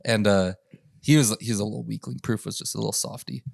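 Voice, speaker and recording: A man's voice: on the low side, fast, creaky, no echo. A man rattles off rowdy stories at speed, swearing freely and laughing as he goes. He acts out the people in them now and then. The sound is dry and close, with no room around it. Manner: profane, laughing, animated retelling with quoted voices. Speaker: podcast host telling stories. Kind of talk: casual chat, storytelling.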